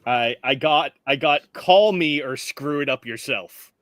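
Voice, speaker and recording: A man's voice: mid-range voice, a little slow, a bit bright, dry recording. A man talking casually as a tabletop game player, spinning jokey stories with casual swearing. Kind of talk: casual chat.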